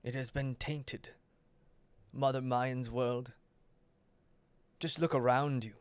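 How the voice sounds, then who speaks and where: A man plays a calm male demon overlord in a tabletop game. He speaks quietly and coldly at a slow, unhurried pace, in a dry, close sound. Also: smooth, no echo, natural voice. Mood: coldly menacing. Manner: low, quiet, measured and cold.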